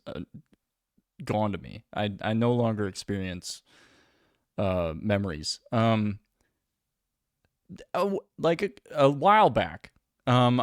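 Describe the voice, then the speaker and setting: A young man hosts a livestream, rambling casually and poking fun at himself with plenty of filler words. His voice is fairly high, and the recording is dry with clean studio sound.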